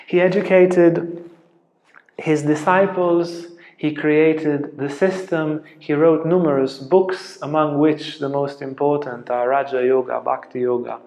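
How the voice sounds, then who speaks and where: A man giving a spiritual lecture as a teacher, telling stories earnestly and dropping to a soft hush at tender moments. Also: a little high, fairly even intonation, measured pace. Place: ashram lecture room. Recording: roomy, echoey lecture room.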